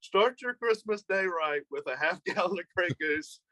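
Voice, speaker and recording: A man's voice: sits high, animated, moderate pace, sharp tone, no echo, low-quality recording. A man co-hosting a casual chat about game picks, laid-back and joking. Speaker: co-host.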